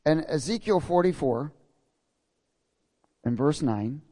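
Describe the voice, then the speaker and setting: A man's voice: fairly high pitch, expressive, slow pace, dark tone. A man preaching a sermon in a folksy way, reading scripture and checking in with his congregation.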